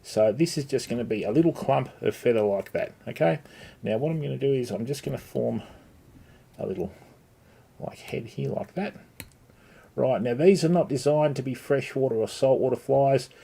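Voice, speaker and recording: Gravelly man teaching fly tying. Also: medium pitch, moderate pace, mellow. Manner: chatty, greets viewers by name, lots of "mate" and "okay". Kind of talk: casual live-stream tutorial.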